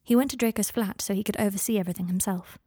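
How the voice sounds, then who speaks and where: Measured woman reading a story. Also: mid-range voice, steady tone, dark tone, slightly rough, no echo, studio quality. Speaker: audiobook narrator. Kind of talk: fan fiction audiobook reading.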